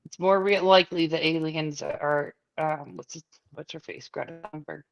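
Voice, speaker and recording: A woman's voice: low-pitched, fairly even intonation, normal speed, gravelly, lo-fi sound. A middle-aged woman hosting a podcast, chatting casually, blunt and swearing with frequent laughs. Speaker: podcast host. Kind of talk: casual chat.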